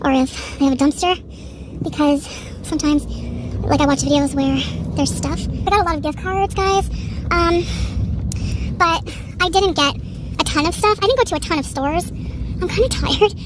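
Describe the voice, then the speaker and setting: Woman, high voice, chatty outdoor vlog, traffic noise behind. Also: normal speed, long pauses. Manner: chatty, loose and informal. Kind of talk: casual on-the-go vlog. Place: outdoors by store dumpsters. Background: passing vehicles.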